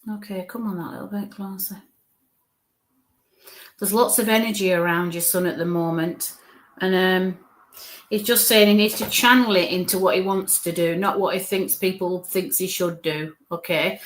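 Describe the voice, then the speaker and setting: A woman from northern England with a Northern English accent, giving live spirit readings in a chatty, reassuring way, often repeating "okay" and "bless you". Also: mid-range voice.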